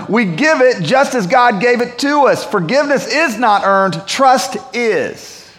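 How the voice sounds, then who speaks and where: A man's voice: extremely high pitch, fairly bright tone. Pastor guy preaching, casual storytelling vibe, echoey big hall. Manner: conversational preaching, storytelling with asides. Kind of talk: sermon. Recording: long hall reverb.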